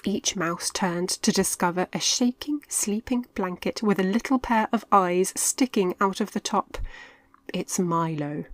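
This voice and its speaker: A woman narrating a children's story in an expressive, clear reading voice. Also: mid-range voice, dry recording. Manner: lively, expressive, slow and clear.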